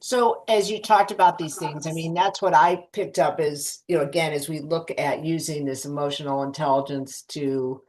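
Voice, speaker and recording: Female podcast host, very low pitch, summarizing, asking questions. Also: fairly even intonation, normal speed, hardly any pauses, darkish tone. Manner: thoughtful, summarizing the guest's points. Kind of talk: casual interview questions.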